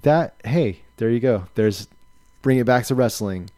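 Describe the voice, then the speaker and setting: A man's voice: mid-range voice, measured pace, warm tone, dry recording. A man co-hosting a podcast, chatting in a dry, laid-back way and often trailing off. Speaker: podcast co-host. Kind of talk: casual chat.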